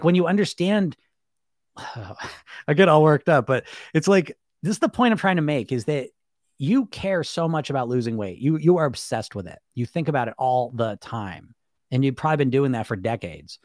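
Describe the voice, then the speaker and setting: Guy rattling off weight loss coaching super fast, blunt, keeps going right? you know?, dry close sound. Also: medium pitch, animated, darkish tone, no room sound. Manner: blunt, swears casually, laughs between points. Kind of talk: live-stream monologue to viewers.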